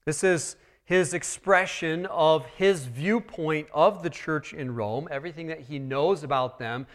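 A man preaching a sermon, walking his listeners through a text verse by verse and swinging between quiet, earnest stretches and loud, emphatic ones. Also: on the high side, a little slow. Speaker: pastor.

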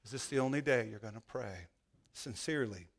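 A male pastor preaching an impassioned sermon in a folksy way with joking asides, swinging from hushed lines to loud ones. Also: medium pitch, animated, fairly quick.

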